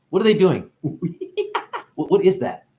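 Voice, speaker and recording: His voice sits high, and the recording has its highs cut off. The man, a self-styled spiritual guide, rambles through a monologue of wordplay and loose associations, swearing often and laughing.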